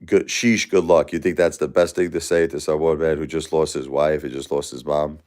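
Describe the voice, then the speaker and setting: A grief-stricken man in his forties hosts a casual livestream and answers comments as they come in. His voice sits extremely low. His speech is halting and repetitive, full of restarts and fillers. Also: fairly even intonation, a little mellow. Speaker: livestream host.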